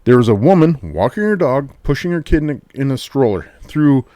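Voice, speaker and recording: Man telling stories in casual chat, animated and expressive, recorded dry. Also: mid-range voice, a little fast, no room sound. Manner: animated storyteller, acts out quotes.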